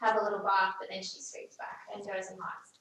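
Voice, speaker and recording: A woman's voice: medium pitch, monotone, a little fast, fairly bright tone. A woman with an Australian accent, a dog owner answering questions casually and a bit hesitantly. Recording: very echoey, from a distance, faint noise.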